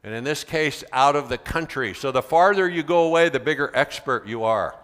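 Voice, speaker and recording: A man from the United States gives a conference talk as a veteran teacher, in an ordinary middle pitch. He tells stories from his classroom in a lively way and acts out both sides of the dialogue. His voice rings with the long reverb of a big convention hall. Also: a little fast. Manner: animated storyteller, acts out quoted dialogue. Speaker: keynote speaker, veteran teacher. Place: large convention center hall.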